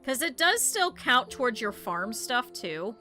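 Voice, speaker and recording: Woman streamer, high voice, bright tone, chatty, rambling stories, casual. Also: big pitch swings, measured pace, soft background music. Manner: chatty rambling storyteller, talks to chat. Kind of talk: casual game stream chat.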